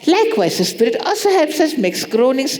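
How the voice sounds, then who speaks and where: Woman preaching with lively emphasis. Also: high-pitched, fairly quick, a little hiss or hum. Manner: lively, repeats rhetorical questions; acts out prayers in soft pleading tones. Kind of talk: sermon.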